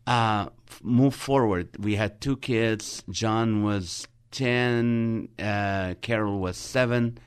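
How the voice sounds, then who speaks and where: Male comedian guest, very low voice, dry close studio sound, animated storyteller. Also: dry recording. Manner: animated storyteller, acting out dialogue. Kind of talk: storytelling with humor in a radio interview.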